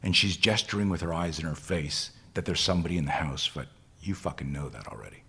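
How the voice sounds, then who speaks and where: Husky low-voiced man telling an intense story. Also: lively intonation, fast, sharp tone. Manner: intense, profane, acts out quoted dialogue. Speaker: guest, self-defense instructor. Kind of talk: storytelling in a podcast interview.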